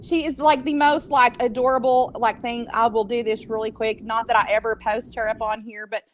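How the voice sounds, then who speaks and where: A woman's voice: fairly high pitch, level tone, moderate pace, a little hiss or hum. A middle-aged grandmother with a Texas accent, co-hosting a casual talk show and chatting in a rambling, easygoing way. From California. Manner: chatty, rambling, laughs easily. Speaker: podcast co-host. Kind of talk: casual chat.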